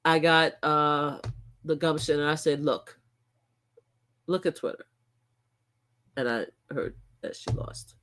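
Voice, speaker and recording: A middle-aged woman, hosting a casual livestream and talking emphatically, dropping to low mutters and rising into loud outbursts. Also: slow, pauses often, slight background noise. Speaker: livestream host.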